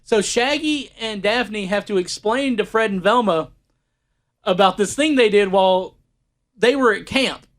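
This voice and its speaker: High-voiced man rambling on a podcast. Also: unhurried, fairly bright tone. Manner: rambling with many fillers. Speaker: podcast co-host. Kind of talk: casual chat.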